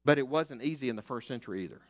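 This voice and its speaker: An older man, preaching a sermon as pastor, emphatic and fiery, rising to loud declarations and dropping to hushed asides. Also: mid-range voice, lively intonation, very fast. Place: church sanctuary.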